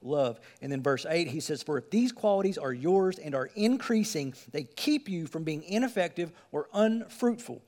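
Male preacher, higher register, earnest emphatic sermon delivery with scripture reading. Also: lively intonation, normal speed, hardly any pauses, a little mellow, long reverb tail. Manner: earnest, emphatic, asks the listeners direct questions.

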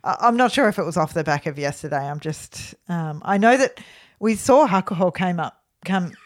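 A woman co-hosting a casual sports podcast, chatty and quick to laugh, often trailing off with fillers. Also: lowish voice, expressive. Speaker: podcast co-host.

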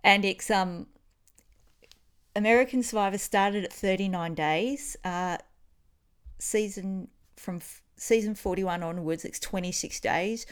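An Australian woman talking casually on a podcast, eager and chatty. Her voice sits at an ordinary middle pitch for a woman. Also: measured pace, smooth. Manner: enthusiastic, chatty. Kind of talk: casual chat.

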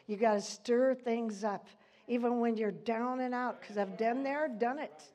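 A woman's voice: a little high, slow pace, darkish tone. An older woman leading an informal church Bible study, chatty and rambling, laughing often between points.

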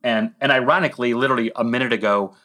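A man's voice: medium pitch, very fast, sharp tone. A middle-aged man co-hosting a podcast, telling a long rambling story with tangents and self-deprecating asides. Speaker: podcast co-host.

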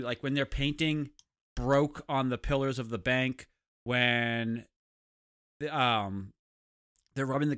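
A man's voice: medium pitch, fairly bright tone, clean tone, dry recording, clean studio sound. A man co-hosting a casual movie review chat, easygoing and teasing, rambling a bit as he makes his point. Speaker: podcast co-host.

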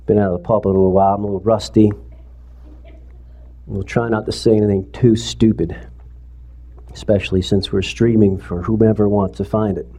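A man's voice: on the low side, flat delivery, a little fast, long pauses, dark tone. A man preaching in a church, talking conversationally to the congregation and rising to impassioned pleading. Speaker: pastor. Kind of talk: sermon. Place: church sanctuary, streamed service.

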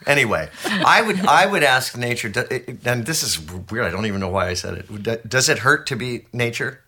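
Animated bright-voiced man in his sixties. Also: mid-range voice, fairly quick, husky. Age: 60s. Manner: animated, laughing storyteller. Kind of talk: casual chat.

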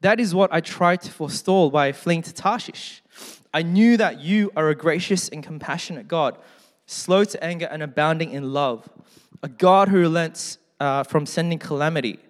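A man's voice: a little high, normal speed. A man preaching a sermon in a conversational way, with joking asides, who also reads scripture aloud. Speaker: pastor. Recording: long hall reverb.

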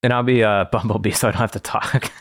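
A man's voice: on the low side, fairly even intonation, fast, no room sound, studio quality. A man hosting a podcast in casual chat, joking and laughing often. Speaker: podcast host. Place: room, recorded in person with co-hosts.

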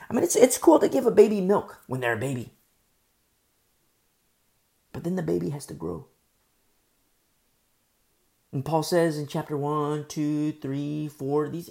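Speaking low and gravelly at a measured pace, a middle-aged woman teaches Bible study conversationally, leaving long pauses. She repeats important phrases and stammers when she gets excited.

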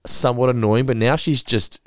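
A man's voice: mid-range voice, fairly even intonation, a little fast, no room sound, studio quality. A man, co-hosting a podcast in laid-back, sweary chat with frequent laughs. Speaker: podcast co-host.

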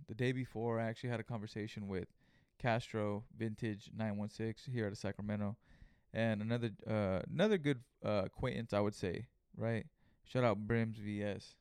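A man's voice: fairly low pitch, clear, resonant tone, no room sound, clean studio sound. A young man hosting a podcast, telling a story casually and profanely, acting out what people said. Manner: profane, animated retelling with acted-out quotes. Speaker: podcast host.

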